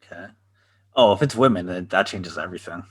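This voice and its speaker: A man's voice: low-pitched, lively intonation, a little fast, slightly rough. A man co-hosting a podcast in casual chat, laid-back, swearing freely and laughing at his own jokes. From Canada. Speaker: podcast co-host.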